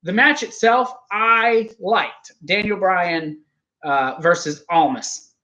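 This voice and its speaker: A man's voice: high-pitched, slow pace, pushed and bright. A man hosting a wrestling review show, rambling and teasing his co-host in casual chat.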